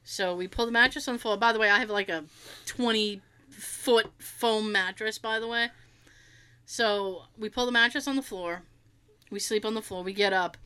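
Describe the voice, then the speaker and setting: A woman's voice: medium pitch, normal speed, clean tone. A young woman co-hosting a podcast, telling a story in casual chat with lots of laughter and mimicry. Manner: animated storyteller, laughs often, mimics others in quotes. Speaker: podcast co-host.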